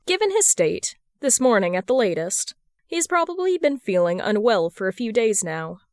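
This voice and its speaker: Woman narrator, podfic reading, smooth clear voice, dry close sound, steady pace. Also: medium pitch, normal speed, no echo. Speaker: podfic reader. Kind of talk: audiobook narration of fan fiction.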